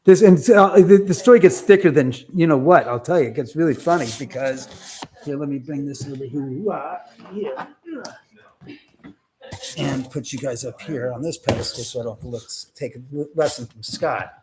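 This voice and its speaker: Man, slightly high voice, live-stream host, casual storytelling, swears now and then, acts out quoted voices. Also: normal speed, noisy background. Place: his own house.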